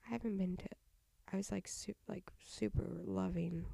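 A woman's voice: medium pitch, steady tone, normal speed, gravelly, dark tone, slightly rough, no room sound. A young woman with a stuffy nose hosting a casual solo podcast, rambling with half-whispered asides into a home mic. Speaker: podcast host.

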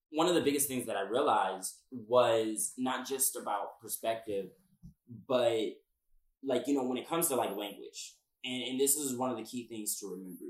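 Male podcast co-host, mid pitch, rambly and emphatic, echoey room. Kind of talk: casual chat. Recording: roomy echo.

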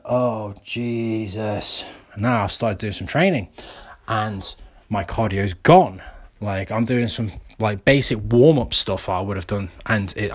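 A man's voice: medium pitch, slightly rough. A young man, talking casually and mocking himself, with lots of fillers and restarts. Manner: self-mocking, rambling with many fillers. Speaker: vlogger. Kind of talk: casual monologue.

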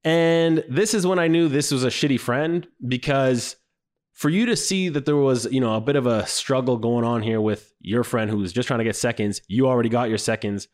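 A man giving casual comedic commentary on a show he watched, animated and profane, mocking it and jumping into high squeaky voices when he quotes people. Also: moderate pace. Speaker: show reviewer.

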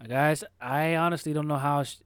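A young man co-hosting a podcast, speaking in a halting casual way, often clearing his throat and restarting phrases. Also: on the high side, no room sound. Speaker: podcast co-host. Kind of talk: casual chat.

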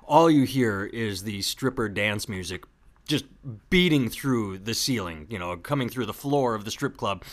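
A man's voice: on the low side, lively intonation, moderate pace. A man hosting a podcast, chatting casually and telling rambling jokey stories. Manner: rambling, joking storyteller. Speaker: podcast host.

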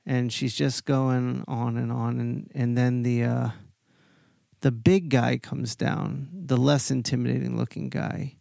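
A man's voice: mid-range voice, steady tone, a little slow, creaky, dark tone, no echo, clean studio sound. A man telling a personal story in a casual, rambling way, with many restarts and quotes he acts out.

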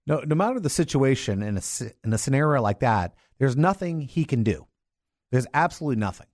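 Older male attorney guest, animated pitch, emphatic, dry studio sound. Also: brisk, no echo. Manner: emphatic, indignant, restarts often. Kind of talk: opinionated radio commentary. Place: radio studio. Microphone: studio microphone.

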